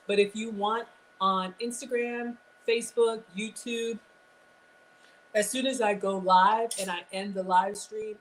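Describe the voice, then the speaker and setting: A woman's voice: medium pitch, a bit bright, rough recording. Woman host, chatty live-stream cooking demo, slight background noise. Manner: chatty, talks straight to viewers.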